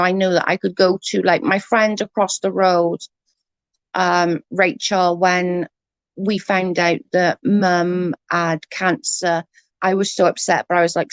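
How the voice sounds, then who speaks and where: A woman's voice: on the low side, clean tone, no room sound. A woman chatting casually on a livestream, rambling and swearing freely while answering comments. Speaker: livestream host.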